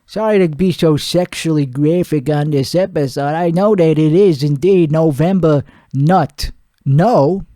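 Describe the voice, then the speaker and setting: A man's voice: a little high, measured pace, dark tone, no echo, studio quality, natural voice. A man playing a crude, boastful podcast host who rambles and laughs at his own jokes. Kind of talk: improvised character comedy monologue.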